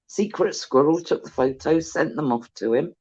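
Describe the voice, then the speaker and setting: Husky and somewhat dark in tone, a British co-host speaks at medium pitch and moderate pace, cheekily telling tales on a fishing livestream and voicing other people's lines. Muffled, lo-fi call audio.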